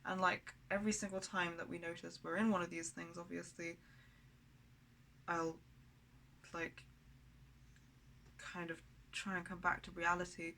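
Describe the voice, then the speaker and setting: A woman speaks in a personal video diary, blunt and rambling, with lots of swearing. Her voice is lowish and crisp with a tense brightness, and it stays fairly flat in pitch. A faint hum sits behind her. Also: a little slow, pauses often, rough recording. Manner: raw, candid and blunt, with frequent swearing; rambling, with many fillers and restarts. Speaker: vlogger.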